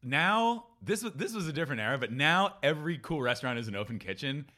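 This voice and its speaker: A man chatting on a podcast, emphatic and animated, quick to laugh and push back. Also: a little high. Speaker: podcast co-host. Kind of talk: casual chat.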